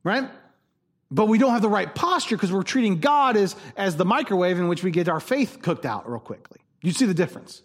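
A man's voice: high-pitched, big pitch swings, brisk, hardly any pauses. A man preaching a sermon as pastor, conversational and jokey with emphatic stresses.

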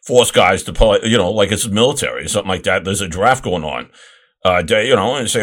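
A man hosting a casual sports talk show, rambling and restarting his sentences. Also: fairly low pitch. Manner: rambling, halting, many restarts. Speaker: host.

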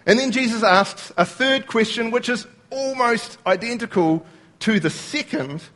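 A man's voice: very high voice, measured pace, a bit bright. A man preaching a sermon, explaining scripture word by word and quoting lines as he goes.

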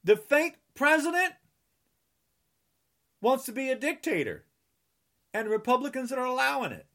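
A man's voice: extremely high pitch, big pitch swings, a little slow, sharp tone. A man from New Jersey delivering an angry political rant, sarcastic and indignant, repeating mocking refrains and scolding his listeners. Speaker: political commentator.

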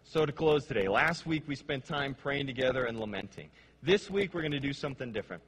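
A male pastor preaching a sermon with passion, dropping to hushed, slow phrases and then rising to emphatic ones. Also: medium pitch, lively intonation, slight background noise. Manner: impassioned, swings between hushed and emphatic.

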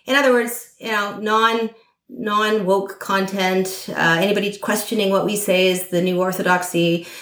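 A woman's voice: mid-range voice, steady tone, moderate pace, fairly bright tone, roomy sound. A woman speaking as a podcast guest in a political conversation, thoughtful and hesitant, with many fillers and restarts.

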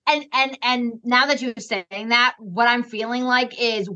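A woman's voice: a little high, steady tone, pushed and bright, highs cut off. A woman guest on a podcast, chatting and quoting herself in casual conversation. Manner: chatty, quick to agree, quotes herself.

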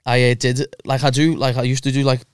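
A young man chats casually as a podcast guest, easygoing and quick to laugh. His voice is smooth and clean, sitting at a middle pitch. The recording is dry and close. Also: flat delivery, no echo. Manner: laid-back, sweary, laughs often. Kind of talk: casual chat.

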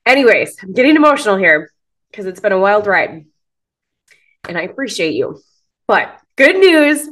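A woman in her thirties hosting a podcast, gushing and encouraging as she talks straight to her listeners. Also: mid-range voice. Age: 30s. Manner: gushing, encouraging, says "girl" and "like" a lot. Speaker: podcast host. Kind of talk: motivational podcast monologue.

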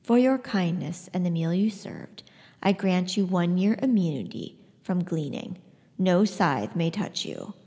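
A woman reading aloud and voicing a calm, dignified man who speaks gently and evenly. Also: on the low side. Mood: measured. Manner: gentle, measured and soft. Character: calm, dignified older male executioner. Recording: long hall reverb.

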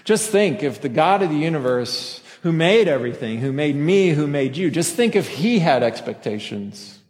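Before a masked congregation, a pastor gives a Christmas sermon in church, preaching conversationally and making self-deprecating jokes. His fairly high voice swings widely in pitch at normal speed with a darkish tone, and a long hall reverb fills the recording.

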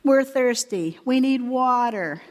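A woman's voice: on the high side, expressive, takes it slowly, a little mellow, long reverb tail, voice pushed up. A woman voicing a grumbling, complaining crowd of wanderers in a whiny raised voice.

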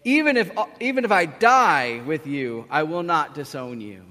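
A man's voice: medium pitch, lively intonation, normal speed, pushed and bright, pitched below the performer's own voice. A preacher doing an eager, impulsive fisherman. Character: bold impulsive fisherman apostle, adult man. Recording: long hall reverb.

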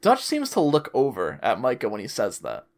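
A man's voice: medium pitch, huge pitch swings, normal speed. A man in casual chat, offering a tentative, hedging reading of a game scene. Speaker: co-host discussing a video game.

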